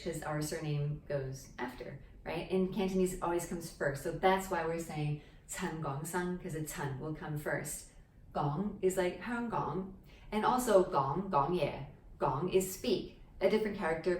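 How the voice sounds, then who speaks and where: A woman's voice: on the low side, a little mellow, slight background noise. A woman teaching a language lesson at a board in a casual, chatty way, often checking in with "okay?". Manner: chatty, explaining step by step with frequent "okay?" checks. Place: indoor room with a board. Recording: echoey room, mic at a distance.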